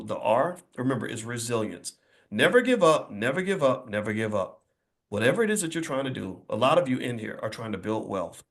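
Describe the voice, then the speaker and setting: Before a live crowd, a man in a mid-range voice gives a motivational talk. He preaches emphatically, repeating phrases and tossing in blunt, folksy asides.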